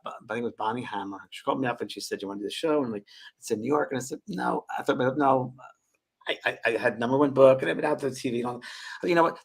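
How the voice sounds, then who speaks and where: A man's voice: medium pitch, vocal fry, slightly rough. A middle-aged man, a medium, telling stories in a casual chat and acting out the voices of the people he quotes. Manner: animated, acts out quoted voices, laughs often. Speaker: medium and show co-host.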